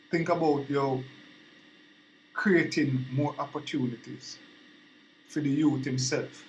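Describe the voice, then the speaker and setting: A man's voice: medium pitch, darkish tone, slight background noise, rough recording. Earnest Jamaican man giving his opinion. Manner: earnest, repetitive, asks "you understand me?". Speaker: vlogger. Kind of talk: casual opinion monologue.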